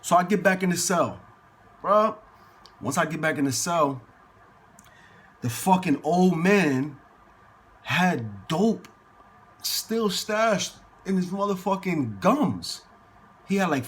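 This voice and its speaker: New street storyteller, a man with a slightly high voice, casual and profane. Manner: slangy and profane, acts out quoted people in lively bursts.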